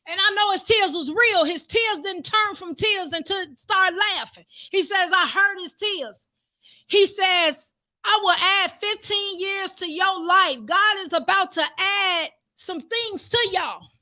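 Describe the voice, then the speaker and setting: Woman preacher, sermon, very high voice, fervent shouted praise, repetitive. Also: measured pace.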